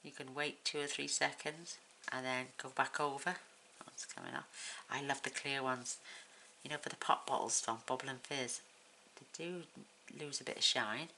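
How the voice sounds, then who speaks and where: Woman from the UK, very low voice, friendly craft-channel host talking through a tutorial at home, noticeable background noise. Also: steady tone, moderate pace, pushed and bright, poor audio. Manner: chatty, counts items aloud, talks while working.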